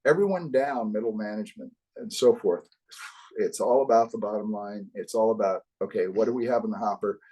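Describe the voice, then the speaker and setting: An older man from the US East Coast, a guest in a casual interview, telling wry, animated stories. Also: fairly low pitch, a little fast, rough recording. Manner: wry, animated anecdotes with acted quotes. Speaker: guest, author.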